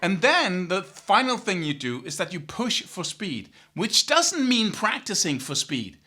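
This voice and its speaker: A middle-aged man teaching guitar, talking in an animated way and scatting riffs with syllables. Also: sits high, a little slow. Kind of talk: spoken guitar lesson.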